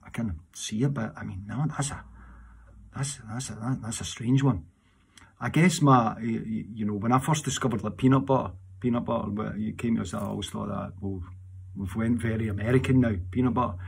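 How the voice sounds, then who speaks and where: A Scottish man, a singer answering audience questions in a rambling, casual chat, animated in his seat and restarting his sentences often. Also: mid-range voice, creaky, slightly rough. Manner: animated while seated.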